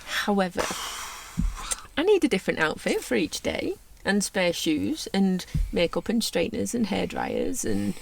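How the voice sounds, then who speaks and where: A Northern English woman co-hosting a casual travel vlog, chatty and quick to laugh. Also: mid-range voice, huge pitch swings, creaky, slight background noise. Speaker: vlogger co-host.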